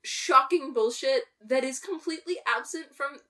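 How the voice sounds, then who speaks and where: Woman, casual movie recap, sarcastic, swears a lot, highish voice, off-mic. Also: normal speed, pushed and bright, distant mic. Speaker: podcast co-host.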